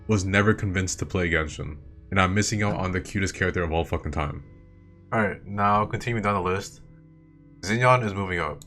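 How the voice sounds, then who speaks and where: Brief: young male host, casual rambling commentary, lowish voice, soft music behind. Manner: enthusiastic, swears often, repeats himself. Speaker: video host. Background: faint game music.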